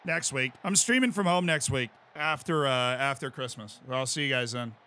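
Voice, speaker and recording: A man in his twenties with an American accent, chatting casually on a live stream as he plays a game and reads out chat, bursting into excited yells. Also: medium pitch, normal speed, a little hiss or hum. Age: 20s. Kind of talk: casual live-stream commentary while gaming.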